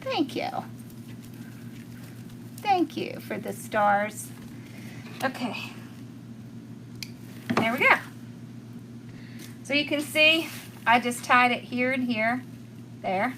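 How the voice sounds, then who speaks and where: A woman's voice: fairly high pitch, animated, extremely slow, pauses often, background noise. A middle-aged woman with a Southern accent from rural Georgia, chatting with viewers as she demonstrates a craft, laughing often and thanking people by name. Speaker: craft tutorial host.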